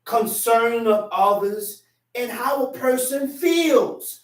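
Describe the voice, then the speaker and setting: An extremely high-pitched man delivers a sermon at a slow pace. He shares a personal story, performing the voices of those he quotes. The recording is echoey, captured by a mic placed well away from him.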